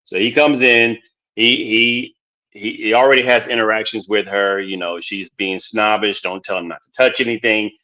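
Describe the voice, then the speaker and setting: A man's voice: lowish voice, fairly even intonation, normal speed, bright, forceful tone. Casting: male podcast host, loose and rambling, repeats himself, laughs a lot, muffled lo-fi audio. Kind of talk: casual chat. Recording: dull lo-fi sound.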